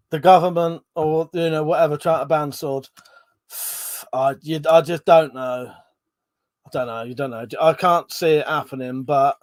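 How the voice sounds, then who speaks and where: A man's voice: a little high, dry recording. A man hosting a casual livestream, reading out viewer comments and swearing freely as he chats. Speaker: livestream host.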